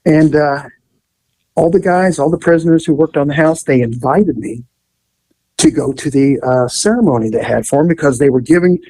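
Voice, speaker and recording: Man telling a story, slightly high voice, animated, laughing, swearing, dry close sound. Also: moderate pace, no room sound, low-quality recording. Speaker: guest telling police stories. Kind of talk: casual anecdote telling.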